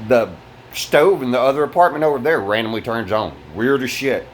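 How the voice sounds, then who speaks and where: A frustrated man vents in an angry vlog inside his fire-damaged apartment, swearing freely and stumbling through restarts. His voice sits at an ordinary middle pitch. A faint background hum runs under the recording. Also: brisk. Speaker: vlogger.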